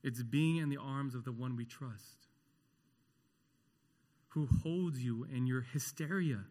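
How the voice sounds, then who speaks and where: Slow, earnest preacher man in echoey hall. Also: mid-range voice. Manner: impassioned, swinging from loud rhetorical questions to hushed tenderness. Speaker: pastor. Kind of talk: sermon.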